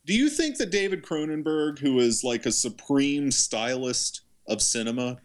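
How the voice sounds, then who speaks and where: A man's voice: mid-range voice, expressive, moderate pace. A man co-hosting a podcast, making analytical, argumentative points about films in casual chat. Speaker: podcast co-host. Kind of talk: casual movie review chat.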